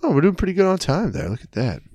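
A man's voice: fairly high pitch, wildly swooping pitch, fast talker, dark tone, breathy edge, no echo, dull audio. A man co-hosting a casual chat, rambling through stories and laughing often. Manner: rambling storyteller, laughs often, puts on voices in anecdotes.

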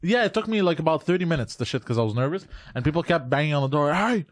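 A slightly high-voiced man explains an ordeal on a podcast, stumbling and repeating his words as he goes. The sound is close and dry, with no room around it. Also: lively intonation, dry recording. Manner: halting, repeats himself while explaining. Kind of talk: casual comedy podcast banter.

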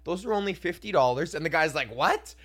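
A man's voice: on the high side, expressive, fast talker, a bit bright. A young man hosting a casual solo podcast, ranting, swearing freely and laughing as he acts out customers in voices. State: hiccuping. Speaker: podcast host and comedian.

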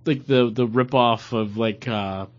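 A man's voice: mid-range voice, measured pace, muffled recording. A man co-hosting a podcast in casual chat, joking around with crude humor. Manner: joking, crude, animated storytelling. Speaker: podcast co-host.

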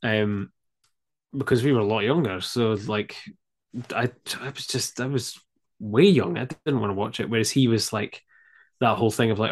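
A man in his thirties, a podcast guest, chatting casually and telling an animated story with lots of fillers and some swearing. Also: medium pitch, a little slow. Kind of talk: casual chat.

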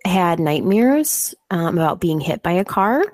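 Woman, podcast co-host, casual storyteller, lowish voice, dry close mic. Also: measured pace, no echo. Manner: animated, sweary storyteller.

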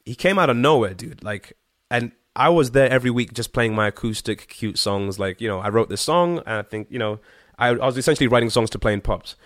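A man from Zimbabwe, a guest singer-songwriter, telling a story in casual chat, animated and slangy, with frequent swearing and fillers. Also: medium pitch, brisk, no echo, clean studio sound.

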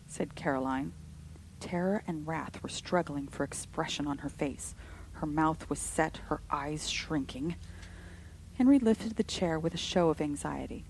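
A woman narrating a story with an expressive, dramatic delivery. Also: sits low, moderate pace, a little hiss or hum, rough recording. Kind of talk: storybook reading.

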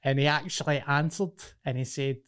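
A man's voice: on the high side, fairly even intonation, brisk, a bit bright, clear, resonant tone. A Scottish man with a Glasgow accent, co-hosting a podcast and telling jokey anecdotes in casual chat. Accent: Scottish, Glasgow area. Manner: joking, name-dropping anecdotes. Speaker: podcast co-host.

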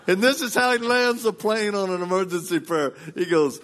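A man's voice: sits high, unhurried, slight background noise. A man preaching at a live service, telling a story with lots of laughter and acting out the voices of the people in it. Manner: animated, laughing storyteller who acts out quoted voices. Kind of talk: storytelling sermon.

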